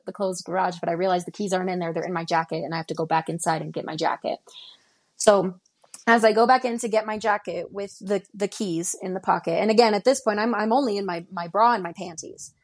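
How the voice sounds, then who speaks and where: A woman's voice: medium pitch, fairly even intonation, quick pace. Young woman from Denver telling her story. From Denver, Colorado. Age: 20s. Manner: tells events in present tense, acting out dialogue. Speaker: guest. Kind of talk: recounting a personal story.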